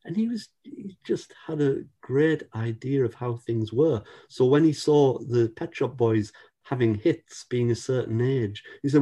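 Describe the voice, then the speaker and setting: A man's voice: medium pitch, lively intonation, a little slow, warm tone. A man in his sixties, a musician being interviewed, telling rambling stories full of restarts in casual chat, with the odd swear word.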